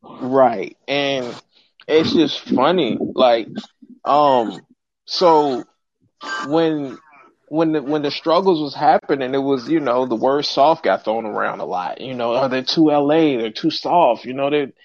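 A man hosting a call-in sports podcast in casual chat, slangy and animated, laughing often. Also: mid-range voice, slow pace. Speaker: podcast host. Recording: dry, dull lo-fi audio.

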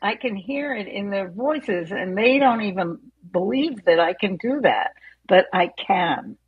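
A middle-aged woman chatting in an online panel discussion, relaxed and chatty. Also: mid-range voice, unhurried, breathy edge, phone-quality sound. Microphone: online audio call.

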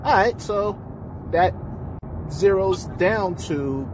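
Man calling in over loud background noise. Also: high voice, lively intonation, a little slow, long pauses. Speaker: caller. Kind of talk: casual call-in chat.

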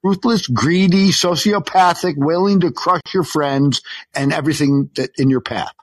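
Husky-voiced rambling New caller. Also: male voice, fairly high pitch, moderate pace. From New York. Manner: rambling, stops himself mid-sentence, swears. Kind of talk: heated call-in argument.

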